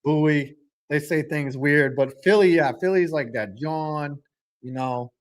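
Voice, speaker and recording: A man hosting a live stream, reacting to a football game, calling plays and reading viewer chat aloud in a joking, excitable way. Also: on the high side, normal speed.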